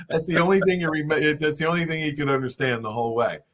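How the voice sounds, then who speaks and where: A man's voice: fairly high pitch, expressive, brisk, fairly bright tone. A man hosting a casual group conversation, telling stories with frequent restarts and stammers. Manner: stammering, storytelling. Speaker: host.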